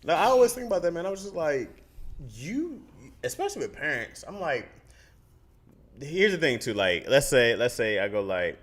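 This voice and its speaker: A man in his thirties on a podcast, telling parenting stories in casual chat, acting out other voices and laughing often. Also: normal speed. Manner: animated storyteller, acts out his daughter in a high voice. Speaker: podcast co-host.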